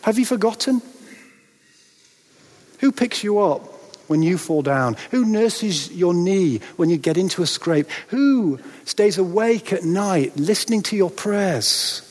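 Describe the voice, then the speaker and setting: A man preaching a sermon in a church, dramatic, with rhetorical questions and pauses for effect. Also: high-pitched, expressive, darkish tone. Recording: long reverb of a large hall.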